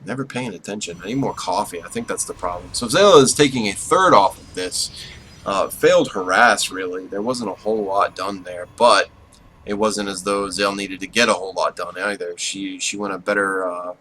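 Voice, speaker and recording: Man, low voice, esports caster, casual play-by-play, jumps up for big plays, faint hiss behind. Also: normal speed, poor audio. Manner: casual and self-deprecating, bursts of excitement during fights. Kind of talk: live game commentary.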